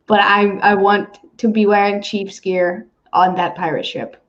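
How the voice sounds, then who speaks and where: A woman co-hosting a casual sports chat, animated, swearing freely and laughing often. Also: medium pitch, unhurried. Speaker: podcast co-host. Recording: dull lo-fi sound.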